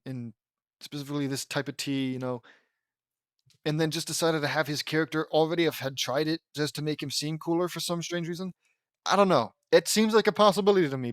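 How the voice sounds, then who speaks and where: A man's voice: a little high, no room sound, clean studio sound. A man reading a fan story aloud and breaking off into rambling, sarcastic commentary. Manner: sarcastic, rambling, increasingly exasperated. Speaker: fan fiction reader and critic. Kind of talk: mocking read-aloud with commentary.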